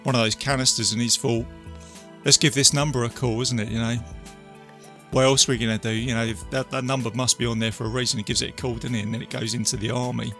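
A man talks through a film in casual chat, his voice gravelly and bright, with a habit of tacking on tag questions. Faint music sits under the conversation. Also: medium pitch, level tone, fast. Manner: tag questions, chatty and laughing.

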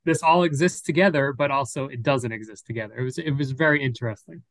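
A man's voice: medium pitch, fast, a bit bright. A man co-hosting a casual film podcast, retelling scenes with animation. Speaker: podcast co-host. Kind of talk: casual chat.

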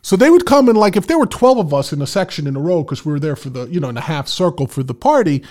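A man's voice: fairly high pitch, big pitch swings, fast talker, darkish tone. Man spinning a rambling bar story. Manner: rambling, laid-back anecdote telling with frequent fillers. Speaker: podcast co-host. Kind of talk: casual storytelling chat.

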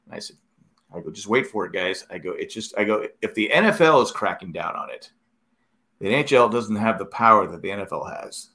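A middle-aged man in casual chat, telling rambling, animated stories with many restarts. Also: lowish voice, fairly quick.

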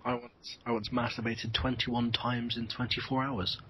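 A man as a podcast guest in casual chat, telling crude jokes in a deadpan way. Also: medium pitch, moderate pace, a little hiss or hum, poor audio.

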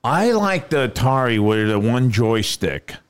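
Loud sweary podcast guy, bouncy up and down voice, smooth tone. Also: medium pitch, big pitch swings, measured pace. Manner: loud, profane, jokey. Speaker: podcast co-host. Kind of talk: casual banter.

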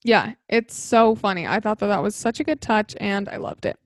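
A woman's voice: medium pitch, expressive, moderate pace, no room sound, clean studio sound. A young woman co-hosting a podcast, bubbly and upbeat in casual chat. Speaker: podcast co-host.

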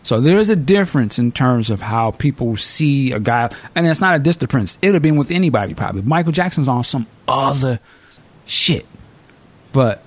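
A man hosting a casual podcast, spinning stories with lively energy and dropping curse words without a second thought. His voice sits at an everyday middle pitch, and his delivery stays loose and conversational. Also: normal speed. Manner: animated storyteller, swears freely. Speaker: podcast host.

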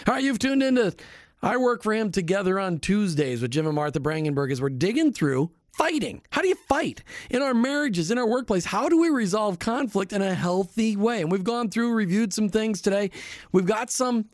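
Animated, emphatic man hosting Christian radio. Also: high voice, fairly quick, no room sound, studio quality. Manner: animated, emphatic, lightly preachy. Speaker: radio co-host. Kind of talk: Christian marriage radio talk.

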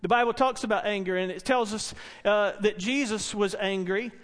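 A middle-aged Baptist pastor preaching a sermon in earnest, repetitive phrases, asking the congregation questions in a church. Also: male voice, high voice, normal speed, fairly bright tone. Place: church sanctuary. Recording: long hall reverb.

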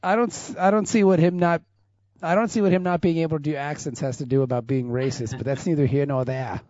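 A man's voice: on the high side, steady tone, fast talker, a little mellow, dry recording, highs cut off. A man co-hosting a podcast in casual chat, crude and joking. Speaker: podcast co-host. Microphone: remote call.

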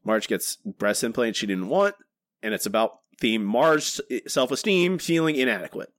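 A podcast co-host, male, talks casually and animatedly, rambling and restarting his sentences often. His voice is mid-range and his speed normal, recorded at studio quality with no echo.

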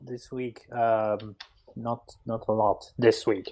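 A man on a casual podcast, talking about games in a relaxed, rambling way. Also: lowish voice, slow pace, rough recording.

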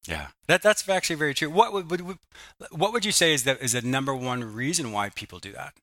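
A man's voice: mid-range voice, animated, fast, sharp tone, dry recording, studio quality. A man who grew up in Michigan and Canada, hosting a podcast and encouraging his guest. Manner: attentive, encouraging, lots of affirmations. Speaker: podcast host. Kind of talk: podcast interview.

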